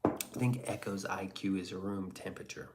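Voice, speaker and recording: A man's voice: sits low, flat delivery, normal speed, very noisy. A man casually reading viewer comments on a live stream, sarcastic and crude, slipping into whispers and mock voices.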